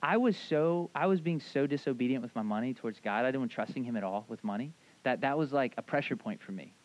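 A man in his thirties preaching a sermon, animated and casual, acting out voices in his retelling. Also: medium pitch, fast talker, muffled recording. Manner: animated storyteller, acts out voices, casual asides. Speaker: pastor.

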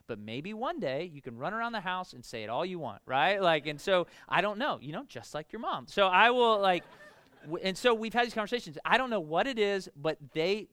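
A man in his thirties delivering a relaxed, chatty sermon, his voice high and bright. The sound is close and dry, with no room echo. He keeps checking in with the congregation as he talks. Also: clean tone. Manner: casual, animated, frequent rhetorical "right?". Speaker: pastor. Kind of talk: conversational sermon. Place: church in front of a congregation.

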